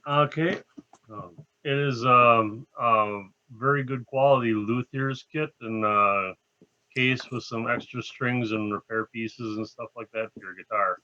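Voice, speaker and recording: A man speaking as a player in a tabletop game, halting and hesitant. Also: medium pitch, fairly even intonation, sharp tone, highs cut off. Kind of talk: casual play talk.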